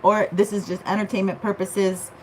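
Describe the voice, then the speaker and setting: A woman's voice: medium pitch, flat delivery, moderate pace, slight background noise, low-quality recording. A woman giving a casual tarot reading, chatty and loose, often checking in with "okay?". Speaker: tarot reader.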